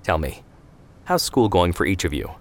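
A man voicing a gentle father who cheerfully changes the subject. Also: deep voice, sing-song, moderate pace.

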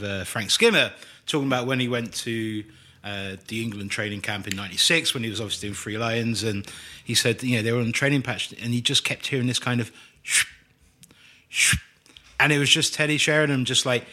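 Bright-sounding guy on a football podcast, wordy, playful phrasing, mid pitch. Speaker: podcast co-host. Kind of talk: casual football chat.

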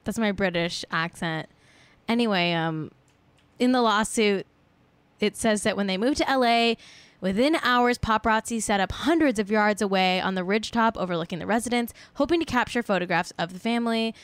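A woman's voice: medium pitch, normal speed, clear, resonant tone, dry recording. A woman co-hosting a casual podcast, chatting about celebrity gossip in a rambling way with plenty of filler words. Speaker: podcast co-host.

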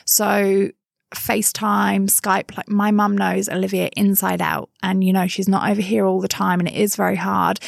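A woman's voice: mid-range voice, little pitch movement, normal speed, gravelly, no echo, studio quality. A woman in her thirties with a southern English accent, chatting frankly and laughing easily in an interview. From England. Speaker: interviewee, mother living abroad. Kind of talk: casual interview chat.

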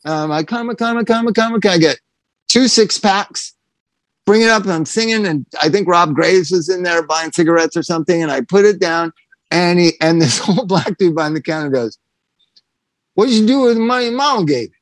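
A man co-hosting a casual talk show, telling profane, animated stories about drinking. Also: sits high, brisk, dry recording. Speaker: podcast co-host. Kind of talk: casual chat, storytelling.

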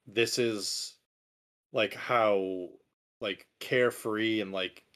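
A man in casual chat, speaking in halting, filler-heavy phrases. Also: fairly low pitch, steady tone, a bit bright.

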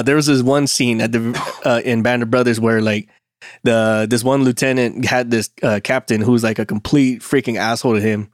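A man's voice: medium pitch, dry recording. Laid-back swearing man, dry mic. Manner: laid-back, profane, laughs a lot. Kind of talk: casual chat.

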